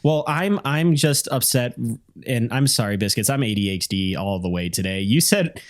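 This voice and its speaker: A man's voice: medium pitch, expressive, normal speed. A man co-hosting a podcast, riffing playfully in casual chat. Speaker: podcast co-host.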